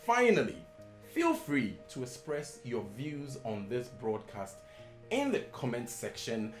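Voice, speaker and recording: A man presents a scripted English lesson at an unhurried pace, his pitch rising and falling widely as he stresses each point. The voice rings in a roomy, echoey space with faint guitar music behind it. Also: big pitch swings. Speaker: host of an English-usage show.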